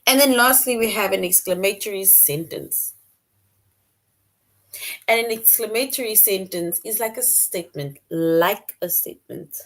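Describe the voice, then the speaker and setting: A woman's voice: mid-range voice, unhurried, fairly bright tone. A woman teaching a middle-school grammar lesson, repeating key points and explaining with examples.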